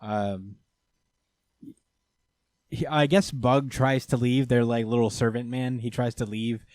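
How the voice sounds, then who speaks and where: A man with a steady, darkish, medium-pitched voice speaks unhurriedly with long pauses, in a dry recording. As a podcast co-host, he loosely retells an anime episode in casual chat, rambling and using lots of fillers.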